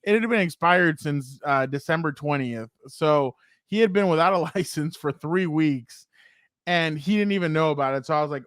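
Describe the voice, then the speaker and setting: A man hosting a sports podcast, telling stories in an animated, laughing way. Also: fairly high pitch, moderate pace, no room sound, clean studio sound. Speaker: podcast host. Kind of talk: casual sports chat and storytelling.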